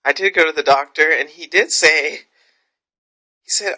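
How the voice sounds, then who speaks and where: Bright-voiced woman ranting frankly. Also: deep voice, moderate pace. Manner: frank, profane, rambling storytelling. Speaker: vlogger. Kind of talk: candid vlog monologue.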